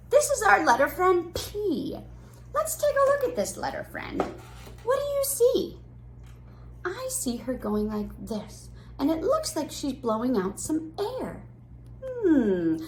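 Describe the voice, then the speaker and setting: A woman teaching an online preschool class, talking to small children in a bright sing-song voice. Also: high-pitched, wildly swooping pitch, slow, a little hiss or hum.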